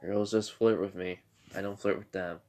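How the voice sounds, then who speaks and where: A man's voice: deep voice, steady tone, moderate pace, dark tone. A man voicing a laid-back, teasing teenage boy hero in a fan-made story, offhand and unbothered. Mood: indifferent. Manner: drawling, offhand, indifferent.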